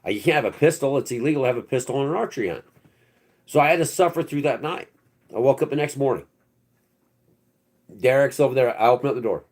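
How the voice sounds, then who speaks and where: A man's voice: mid-range voice, fast talker, long pauses, a little mellow. A man hosting his own channel, telling a first-person story in a rambling, slangy way with restarts and swearing. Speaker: channel host.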